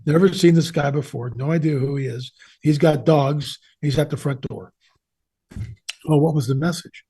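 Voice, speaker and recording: A man's voice: fairly high pitch, moderate pace, mellow, slightly rough. An older man, a guest on an interview show, telling stories in a conversational way, rambling a little as he goes. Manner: conversational, with rambling asides and restarts. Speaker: guest, author on the supernatural. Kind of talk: casual storytelling interview.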